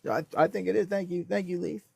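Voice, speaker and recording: A young man hosting a casual livestream, reading comments with a deadpan businessman act. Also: sits high, quick pace, vocal fry, husky, no room sound. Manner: deadpan self-styled businessman persona. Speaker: livestream host.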